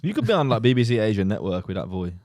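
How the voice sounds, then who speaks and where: A man co-hosting a comedy podcast, teasing in a dry, deadpan way. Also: on the low side, rapid-fire, dry recording. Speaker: podcast co-host. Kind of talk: casual comedy podcast banter.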